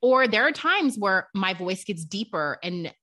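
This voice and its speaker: A woman's voice: medium pitch, big pitch swings, a little slow, sharp tone. A young adult woman, a mother co-hosting a parenting podcast, talking reflectively and thinking aloud. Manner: reflective, thinks aloud, acts out her kids' voices. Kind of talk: casual chat.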